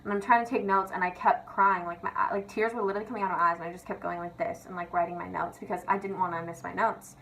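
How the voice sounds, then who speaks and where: A woman's voice: on the low side, steady tone, fast talker, gravelly, hardly any pauses, fairly bright tone, poor audio. Young woman vlogger ranting bout her life, chatty n sweary, says like a lot, faint hiss behind. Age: young adult. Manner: chatty, swears, lots of "like" and "literally". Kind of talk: casual confessional rant.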